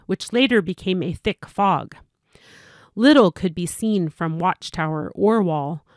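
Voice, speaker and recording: A woman reading a storybook aloud as narrator, steady and clear, with small slips. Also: lowish voice, no room sound, clean studio sound.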